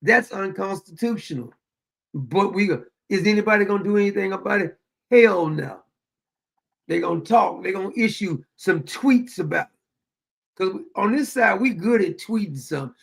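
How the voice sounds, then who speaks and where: A man's voice: high-pitched, normal speed, creaky. A man hosting a casual monologue, telling stories with lots of laughter. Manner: animated storytelling, laughing often. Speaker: show host.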